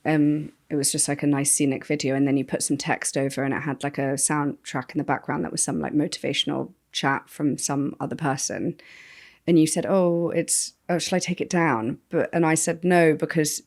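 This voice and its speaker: British woman, low pitch, podcast co-host, chatty, analytical. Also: fairly even intonation, moderate pace, a little mellow. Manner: chatty and analytical, reads listener letters aloud. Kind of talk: casual chat.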